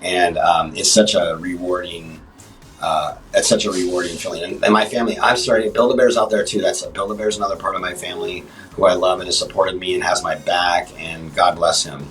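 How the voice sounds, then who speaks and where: A man with a deep voice chats as a guest on a livestream show. He trips over his words and restarts a lot. He sounds a bit away from the mic, and faint music plays under him. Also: fairly even intonation, fairly bright tone, distant mic, poor audio. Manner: halting, many restarts and fillers. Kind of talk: casual interview chat. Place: livestream app chat.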